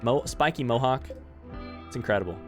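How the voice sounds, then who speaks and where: Rambling game streamer telling a story. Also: male voice, medium pitch, a little fast, over music. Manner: rambling, animated anecdote telling with asides to chat. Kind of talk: casual storytelling while streaming gameplay.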